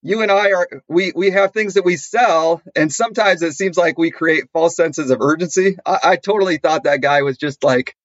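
A man co-hosting a podcast in casual chat, telling stories with lively acted-out dialogue. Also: a little high, moderate pace, hardly any pauses, dry recording, highs cut off. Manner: animated storyteller, acts out quoted dialogue. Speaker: podcast co-host.

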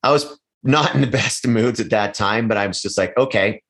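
A man's voice: lowish voice, a little fast, a bit bright. A middle-aged man speaking candidly as a podcast guest, swearing freely and acting out other people's voices as he tells stories. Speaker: podcast guest, real estate agent. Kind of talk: casual conversational interview.

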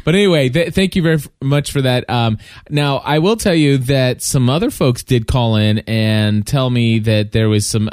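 A man's voice: mid-range voice, darkish tone, dry recording, studio quality. A man co-hosting a podcast, chatting in an upbeat, friendly way. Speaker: podcast co-host. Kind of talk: casual podcast chat.

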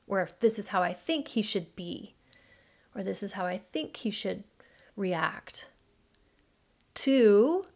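A middle-aged woman hosting a podcast, telling a personal story in an earnest, animated way and acting out dialogue. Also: medium pitch. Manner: addresses listeners as mamas. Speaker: podcast host, midlife coach. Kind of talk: casual monologue podcast.

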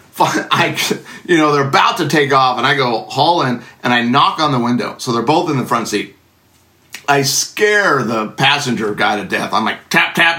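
A man telling a personal testimony, animated and acting out the voices of the people in his story. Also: medium pitch. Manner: animated, acts out voices in quotes, laughs often.

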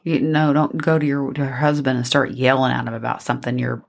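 A woman's voice: rumbling low, little pitch movement, quick pace, creaky. A woman co-hosting a podcast, mostly chiming in with short, easygoing agreement and the odd story. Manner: brief agreeing interjections, easygoing. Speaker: podcast co-host. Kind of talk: casual advice chat.

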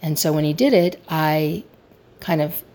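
A middle-aged woman with a low, warm, unhurried voice gives a personal advice talk as a coach. She speaks candidly and reflectively about her marriage, often poking fun at herself.

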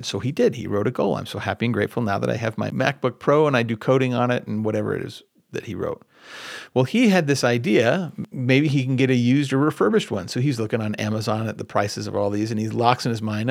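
A man's voice: mid-range voice, quick pace, vocal fry, dry recording, clean studio sound. A man hosting a podcast, telling a long personal story in a casual, rambling way and often correcting himself as he goes. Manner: conversational, rambling with self-corrections. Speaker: podcast host. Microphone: podcast microphone at computer.

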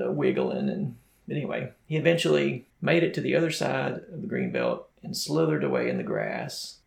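A man's voice: fairly low pitch, vocal fry, echoey room. A man co-hosting a running podcast, telling a story in a casual, playful way. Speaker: podcast co-host. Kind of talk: casual chat.

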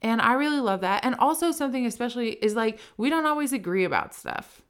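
A woman with a somewhat high voice co-hosts a casual podcast recorded in a home kitchen. She is chatty and enthusiastic and fills her sentences with "like"s while thinking out loud. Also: lively intonation, quick pace, clear, resonant tone. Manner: enthusiastic, warm-hearted, chatty with many "like"s. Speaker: podcast co-host. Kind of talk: casual conversational podcast chat.

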